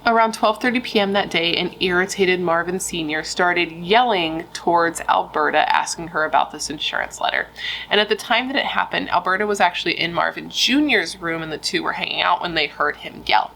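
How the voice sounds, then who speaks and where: A woman's voice: fairly low pitch, brisk, vocal fry, fairly bright tone, a little hiss or hum, low-quality recording. A woman hosting a true crime channel, telling the story in a chatty, casual way with lots of "like" and "you know".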